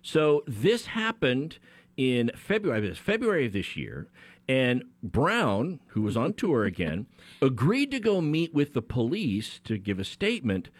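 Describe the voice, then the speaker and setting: A man's voice: medium pitch, very animated, a little slow, no room sound. A man co-hosting a radio talk show as an attorney, explaining a legal case in a conversational way with frequent restarts. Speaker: attorney co-host.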